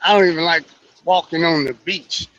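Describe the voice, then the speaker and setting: Bright-voiced laid-back co-host. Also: male voice, on the high side, steady tone, normal speed, no echo, lo-fi sound. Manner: laid-back, short reactions and asides. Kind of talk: casual chat.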